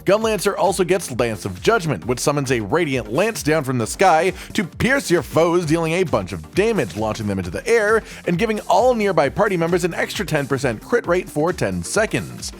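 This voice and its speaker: A man's voice: a little high, big pitch swings, moderate pace, few pauses, faint music behind. A man narrating a game guide voice-over in a casual, jokey way, with swearing asides.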